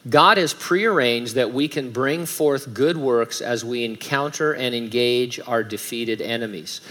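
Male pastor, mid-pitched voice, emphatic sermon delivery with light humor. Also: measured pace, fairly bright tone. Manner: emphatic, reads scripture aloud with rising force, light humor.

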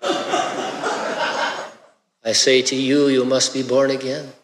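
Man putting on a breathy Spanish-accented Jesus. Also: medium pitch, flat delivery, drawn-out words, reverberant, big-room sound, noisy background. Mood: solemn. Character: unblinking solemn male Jesus from a TV miniseries.

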